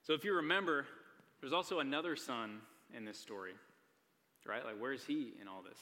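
A man's voice: mid-range voice, brisk, sharp tone. A young man preaching a sermon to a live audience in a church hall, earnest and casual, with frequent "like" and "right?" asides. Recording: long hall reverb.

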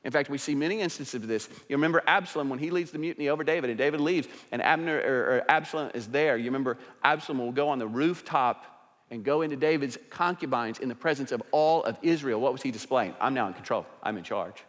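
A man's voice: mid-range voice, quick pace. Emphatic preacher man in a reverberant hall. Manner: emphatic, swings between rising intensity and quiet asides. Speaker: pastor. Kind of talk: sermon.

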